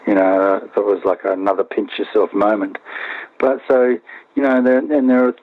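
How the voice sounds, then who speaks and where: Guy rambling thru an interview, lowish voice, tinny phone line, dry. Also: dry recording. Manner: rambling, many restarts and "you know"s. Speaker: band member, interview guest. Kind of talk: remote interview, casual recollection.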